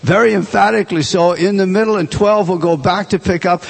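A man teaching a Bible class, emphatic and animated, restarting phrases often as he explains a text. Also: sits high, fairly quick, vocal fry, slightly rough.

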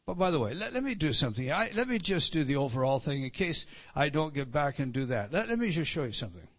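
A man's voice: a little high, big pitch swings, fast talker, a bit bright. A man preaching a Bible teaching sermon, with frequent restarts and repeated words, rising for emphasis on key phrases.

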